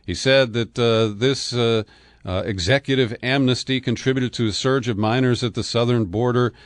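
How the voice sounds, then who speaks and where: A male political commentator with a middle-pitched voice, delivering news and opinion with sardonic, scornful asides. The sound is close and completely dry, with no room around him. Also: fairly even intonation, normal speed, no echo.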